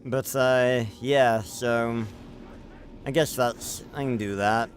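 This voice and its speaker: A man's voice: mid-range voice, fairly even intonation, slow pace. A young British man streaming a game, chatting in a rambling, self-correcting way as he reads the chat. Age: young adult. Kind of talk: casual livestream chat.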